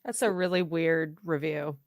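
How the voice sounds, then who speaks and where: A woman co-hosts a casual podcast and chats in a hesitant, thoughtful way. Her voice sits slightly low and sounds close and dry. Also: steady tone, moderate pace, dry recording. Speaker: podcast co-host. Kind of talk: casual chat.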